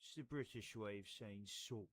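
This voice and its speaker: A man's voice: fairly low pitch, moderate pace, dry recording, studio quality. A man talking casually to the camera while he crafts, rambling and joking at his own expense. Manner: rambling, self-mocking, plays with words. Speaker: hobby crafter making model trees.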